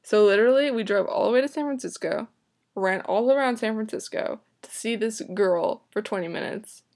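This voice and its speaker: A young woman vlogging a story in a slightly high voice. She talks casually and dramatically, sounds exasperated, swears freely and sprinkles "like" everywhere. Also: moderate pace, a little mellow.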